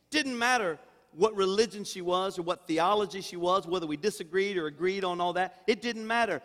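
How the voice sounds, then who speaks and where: In a reverberant church hall, an older man serving as senior pastor delivers a sermon at a brisk clip. His voice sits high with a fairly bright tone, and he preaches with emphasis, urging the congregation to say amen.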